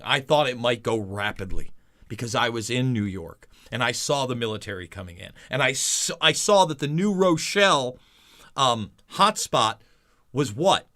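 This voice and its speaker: A man hosting a commentary show, ranting and mocking over news clips with heavy repetition. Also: mid-range voice. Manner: animated, mocking, repetitive emphasis. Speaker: commentary host.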